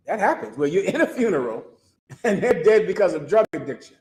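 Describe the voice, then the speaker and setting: A man with a fairly high voice delivers a street sermon, leaning on emphasis and sarcasm and pressing his listeners with rhetorical questions. The sound carries a strong echo from the space around him. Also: sing-song, normal speed, darkish tone. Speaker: street preacher.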